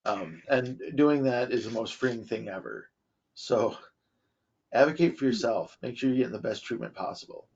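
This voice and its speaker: A man's voice: mid-range voice, normal speed, gravelly, a little mellow, breathy edge. A man who is a regular in a support group, giving direct, assertive advice in a casual video-call chat. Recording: muffled video-call audio.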